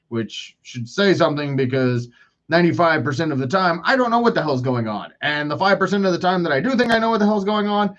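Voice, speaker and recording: A man's voice: on the high side, fairly bright tone, highs cut off. A man in his forties hosting a solo podcast, rambling through profane, self-mocking rants. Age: 40s. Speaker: podcast host.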